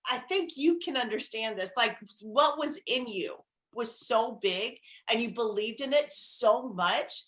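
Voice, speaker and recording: A woman's voice: a little high, animated, a little slow, few pauses, fairly bright tone, echoey room. A woman hosting an interview podcast, talking in an emphatic, upbeat way. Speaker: podcast host. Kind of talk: casual interview chat.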